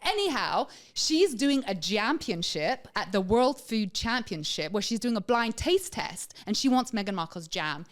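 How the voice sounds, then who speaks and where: A woman hosting a podcast in casual chat, chatty and quick to laugh at her own stories. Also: medium pitch, big pitch swings. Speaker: podcast host.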